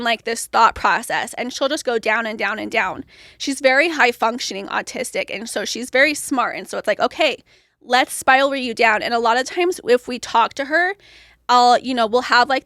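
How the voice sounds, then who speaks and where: Chatty high-voiced young woman. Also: fairly bright tone, dry recording, clean studio sound. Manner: chatty, heavy use of "like". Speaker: podcast guest. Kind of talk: casual conversation.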